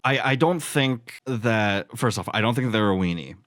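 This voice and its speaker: A podcast co-host chats casually, rambling with lots of fillers and swearing offhandedly. His mid-range voice is fairly bright, with lively intonation at normal speed, recorded dry at studio quality with no echo.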